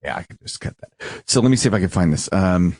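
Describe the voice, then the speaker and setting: Male podcast host, lowish voice, animated, laughs a lot, dead-dry sound. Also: fast talker, no echo. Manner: animated, laughing, stumbling restarts. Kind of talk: casual podcast banter.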